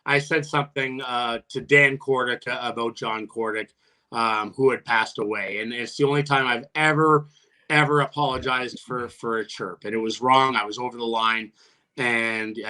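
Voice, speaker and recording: Bright-voiced man telling rowdy stories. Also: fairly even intonation, unhurried. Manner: profane, laughing storyteller with many restarts; jumps much higher when quoting his own taunts. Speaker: guest, retired hockey player. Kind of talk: casual podcast storytelling.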